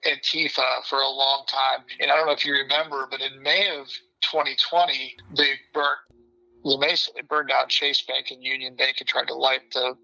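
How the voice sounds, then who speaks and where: An older man telling stories as a podcast guest in a brash, animated way, often mimicking other people. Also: mid-range voice, normal speed, gravelly, rough recording. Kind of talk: casual storytelling interview.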